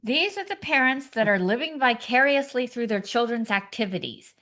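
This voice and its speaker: A woman's voice: fairly high pitch, expressive, normal speed, sharp tone. A woman co-hosting a comedy podcast, sarcastic and acting out screaming parents in her jokes. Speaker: podcast co-host.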